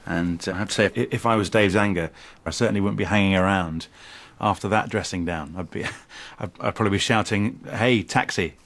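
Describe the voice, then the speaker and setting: A man's voice: deep voice, brisk, hardly any pauses, a bit bright. An actor playing a mild male anger-management therapist who speaks earnestly and encourages the group. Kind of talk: sitcom acting.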